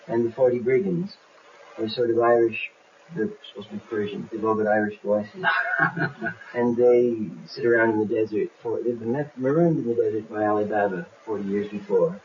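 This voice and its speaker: Man animator, documentary explainer, lively and theatrical, dull lo-fi audio. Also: on the low side. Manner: lively, acts out scenes while explaining. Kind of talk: explaining his work in a documentary. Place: animation studio. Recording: dull 1970s documentary audio with faint hiss.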